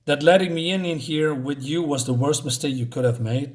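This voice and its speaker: A man voicing a calm, knowing woman bound to a haunted hotel, coolly warning her guest. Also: on the high side, brisk, close to an everyday voice.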